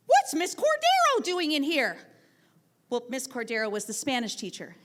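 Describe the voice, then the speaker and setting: A woman teacher telling a personal story live on a theatre stage, acting out the voices of the people she quotes. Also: a little high. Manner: animated, acts out quoted voices.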